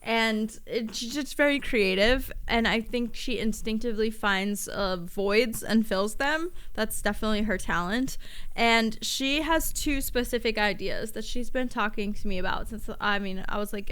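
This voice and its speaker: A woman's voice: on the high side, unhurried, fairly bright tone, smooth. A young woman co-hosting a casual podcast, chatty and bubbly, with many fillers. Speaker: podcast co-host.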